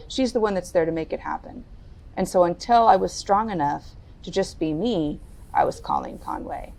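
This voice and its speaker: A middle-aged woman telling a personal story as a podcast guest, candid and deliberate. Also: darkish tone. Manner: candid, lowers her voice and speaks deliberately. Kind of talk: reflective interview storytelling.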